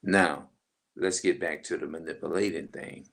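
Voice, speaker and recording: A man's voice: sits low, steady tone, moderate pace, gravelly, a bit bright. A middle-aged man in a rambling, emphatic casual monologue, swearing freely as he vents. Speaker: vlogger.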